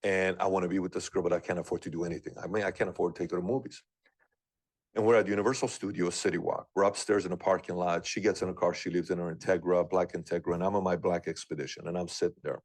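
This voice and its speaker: A man's voice: low-pitched, fairly even intonation, quick pace, darkish tone, no room sound. A man in his thirties earnestly telling a personal story, full of questions and doubt. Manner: earnest, questioning, rambling delivery. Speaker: guest sharing a personal story.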